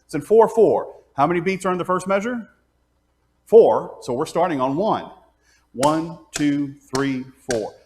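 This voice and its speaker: A man teaching a class on leading congregational singing, explaining step by step and singing out pitches and counting beats aloud. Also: lively intonation, unhurried, darkish tone. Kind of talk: hands-on music class teaching.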